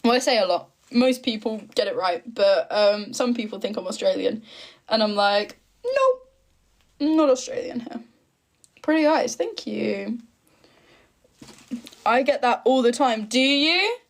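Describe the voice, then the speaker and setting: A chatty, giggly English woman in her twenties from the east of England, hosting a casual live stream and answering viewer comments. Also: medium pitch. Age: 20s. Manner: chatty and giggly, quick asides. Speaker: livestream host.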